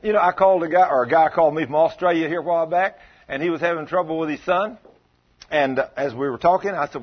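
Speaking fast in a voice that's a little high, this man works through a sermon full of emphatic, folksy storytelling. The audio is dull and lo-fi.

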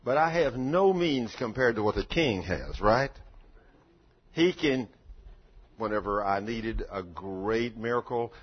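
An older man preaching a sermon in a folksy storytelling way that swells into loud fervor, in a dull lo-fi recording. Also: lowish voice, lively intonation, a little slow, husky.

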